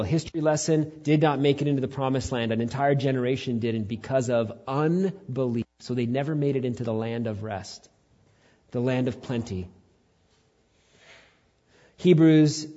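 Husky-voiced pastor preaching animatedly. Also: male voice, muffled recording. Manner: animated, acts out quotes with big pitch jumps, then drops low and quiet. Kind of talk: sermon.

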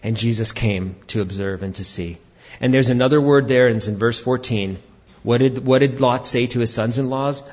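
A pastor preaching an animated sermon, rising to shouts for emphasis. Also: male voice, medium pitch, moderate pace, lo-fi sound.

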